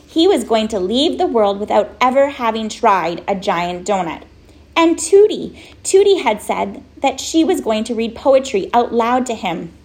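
A woman reading a storybook aloud in a steady, measured way. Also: medium pitch, creaky. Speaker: audiobook narrator. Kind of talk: scripted storybook narration.

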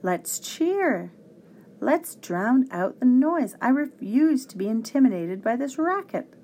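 A woman's voice: medium pitch, expressive, slow pace, mellow, slightly rough, exaggerated voice. A woman voicing a fussy, flustered male professor who hiccups and urges children on with exclamations. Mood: rousing.

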